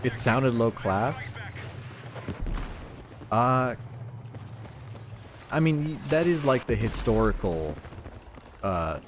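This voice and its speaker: A man's voice: medium pitch, expressive, slow pace, long pauses, background noise. A man streaming a shooter game, rambling in casual chat, swearing freely, with a neutral accent. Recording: loud gunfire from the game behind voice.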